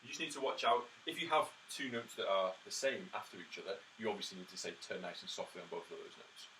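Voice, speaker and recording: Speaking quickly in a low, pushed, bright voice, this male brass teacher walks through practice tips, counts out beats, and sounds rhythms with "ta" syllables. He's encouraging and practical, though he says "uh" and "um" a lot. Faint background noise comes through on a somewhat distant mic.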